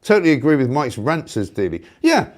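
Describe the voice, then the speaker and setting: Ranting man with a lively, sarcastic voice. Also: mid-range voice, fairly quick. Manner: indignant, sarcastic, shouting rhetorical questions. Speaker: talk show host. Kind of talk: opinionated ranting monologue.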